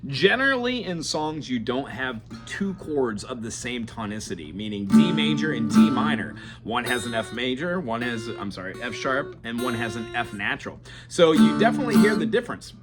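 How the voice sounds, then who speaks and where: A man's voice: medium pitch, sing-song, normal speed, few pauses. A man teaching beginner acoustic guitar in a chatty, digressive way, now and then singing bits of songs as he plays. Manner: chatty, digressive, breaks into song while playing. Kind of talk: casual guitar lesson with sung examples. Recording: loud guitar under the voice. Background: acoustic guitar playing.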